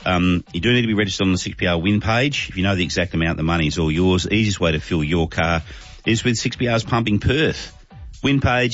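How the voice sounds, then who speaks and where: Deep-voiced Australian radio host. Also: male voice, fairly bright tone, dull audio. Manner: chatty, jokey, matey. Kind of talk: talk radio, reading listener texts.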